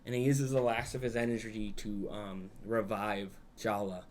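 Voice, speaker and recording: A man's voice: lowish voice, little pitch movement, moderate pace, slight background noise. A young adult man, a podcast co-host, recapping a film in a rambling, casual way, peppered with "like" and swearing.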